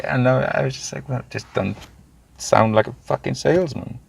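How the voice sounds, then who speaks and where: A man, telling his own story candidly in an interview, animated and swearing freely. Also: mid-range voice, a little fast, creaky. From Wales. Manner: animated, swears freely, acts out quoted voices. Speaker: guest.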